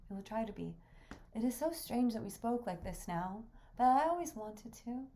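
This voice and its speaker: Woman reader as a reserved, weary woman who speaks softly, for a stage play read aloud. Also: a little high, expressive, normal speed, a little hiss or hum. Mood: subdued.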